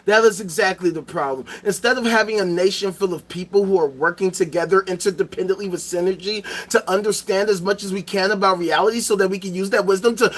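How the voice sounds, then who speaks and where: A male host rants in a profane, animated commentary and hammers each point with repetition. His voice sits high and sounds sharp and bright. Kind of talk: ranting commentary.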